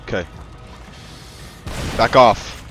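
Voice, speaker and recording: A man giving let's-play commentary, excitable and profane, yelling at the game and talking to his in-game partner like a buddy. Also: extremely slow, faint music behind. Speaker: gaming channel host.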